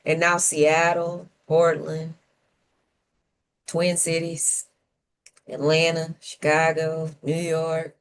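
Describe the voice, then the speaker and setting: A woman co-hosting a panel talk show, her voice sitting a touch low. She argues by sarcasm and rhetorical questions, posing as just asking. Now and then she lets out a playful whoop. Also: steady tone, slow pace. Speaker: co-host of a civic talk show. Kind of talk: opinionated panel commentary.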